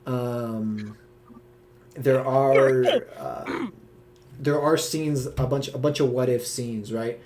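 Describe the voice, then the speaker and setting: A young man, the creator of a series, hosting a live Q&A with his cast. He explains his characters loosely and haltingly, leaning on "you know" as he goes, and he is keen on the characters. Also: mid-range voice, fairly even intonation, heavy background noise. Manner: enthusiastic about his characters. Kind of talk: live-stream Q&A chat.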